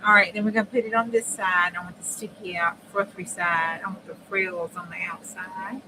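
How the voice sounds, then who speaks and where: A woman's voice: lowish voice, fairly even intonation, normal speed, sharp tone. A woman hosts a casual craft stream, chatting and thinking aloud as she works, sometimes dropping to near-whispers. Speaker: crafting channel host. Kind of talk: casual craft livestream talk. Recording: noisy background.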